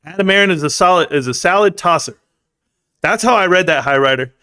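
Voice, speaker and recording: A man's voice: high voice, fairly quick. A man hosting a casual livestream, talking loosely in slang and reading out chat comments. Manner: loose, slangy, animated, reads chat aloud. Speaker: livestream host.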